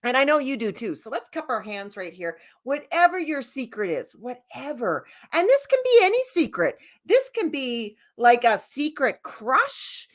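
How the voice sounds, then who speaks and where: A woman leading a laughter yoga session, bubbly and giggly, gently coaching the viewer directly. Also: high voice, big pitch swings, normal speed, hardly any pauses.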